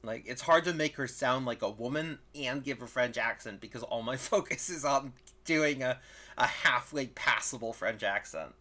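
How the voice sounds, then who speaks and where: A man hosting a game playthrough, reading the dialogue aloud in an animated, dramatic way and commenting on his own voices. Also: mid-range voice, normal speed. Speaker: let's-play host reading all parts. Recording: voice with game music behind.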